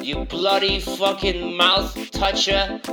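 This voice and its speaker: A man voicing a rude British male phone sales agent with a shrill, crude, mock-polite manner in a put-on British accent. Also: monotone, slow, over loud music. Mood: crude mockery.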